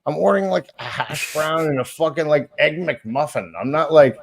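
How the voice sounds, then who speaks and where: Man in his forties, slightly high voice, fiery profane storyteller for a casual podcast. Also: expressive, fairly quick, few pauses. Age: 40s. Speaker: former podcast host.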